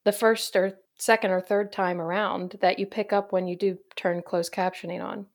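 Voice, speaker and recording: A woman hosting a casual podcast chat, chatty and upbeat, quick to laugh. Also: medium pitch, little pitch movement. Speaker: podcast host.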